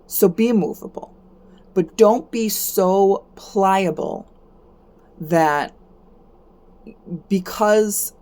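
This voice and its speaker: A woman hosting a card-reading stream, giving a casual motivational talk. She keeps asking "right?", repeats herself, and her voice jumps up high when she gets animated. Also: drawn-out words, pauses often.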